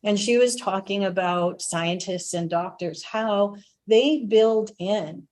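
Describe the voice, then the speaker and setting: A woman's voice: mid-range voice, a little mellow. A woman, a spiritual director, giving a reflective spiritual talk and telling stories, laughing now and then.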